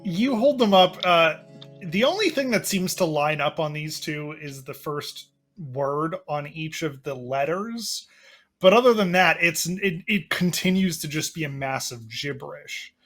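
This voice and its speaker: Brief: high, animated male game master, giggly, soft music bed. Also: unhurried. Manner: giggly, hesitant, lively. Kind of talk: narrating a tabletop game.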